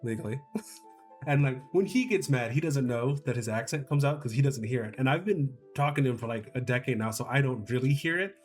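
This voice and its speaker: A man's voice: mid-range voice, brisk, faint music behind. A man in casual chat who rambles, repeats himself and laughs often. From Chicago area.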